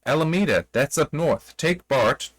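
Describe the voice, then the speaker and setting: A man voicing an offhand male passerby who gives street directions slowly and casually, in a story reading. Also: on the high side, animated, dry recording, voice pushed up. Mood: helpful. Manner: slow and casual.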